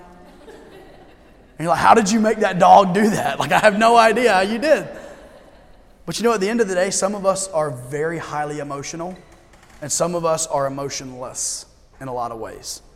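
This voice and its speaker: High-voiced male pastor in reverberant church. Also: fairly bright tone. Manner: conversational preaching with humor and emphatic slowdowns. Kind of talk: sermon. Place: church sanctuary.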